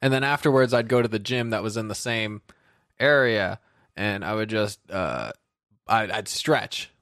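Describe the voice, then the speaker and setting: A man's voice: fairly low pitch, unhurried, fairly bright tone, no room sound, studio quality. A man telling rambling, self-deprecating stories in a casual chat, as a podcast co-host.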